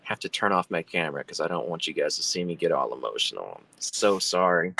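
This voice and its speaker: A man's voice: sits low, animated, fast, vocal fry, noisy background. A man, a guest telling a long story on a video call, rambling with many fillers and restarts. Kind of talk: casual storytelling.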